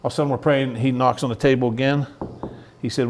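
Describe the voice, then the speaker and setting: A man's voice: mid-range voice, level tone, fast, a little hiss or hum. Earnest middle-aged man telling his story. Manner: earnest storyteller who acts out quoted dialogue. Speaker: guest, youth ministry founder. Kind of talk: personal testimony in an interview.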